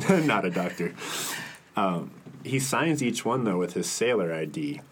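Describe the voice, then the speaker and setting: Homem de voz grave narrando casualmente. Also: male voice, low voice, very animated, a little hiss or hum. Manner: laughs often, halting with ums. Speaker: podcast host telling the story. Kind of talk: casual storytelling podcast.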